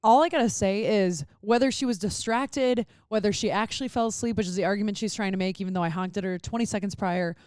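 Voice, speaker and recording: A young woman co-hosting a casual podcast, her voice mid-pitched and lively. She tells a story with swearing and plays out her own reactions. The sound is dry and close to the mic. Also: quick pace, hardly any pauses, no echo. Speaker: podcast co-host.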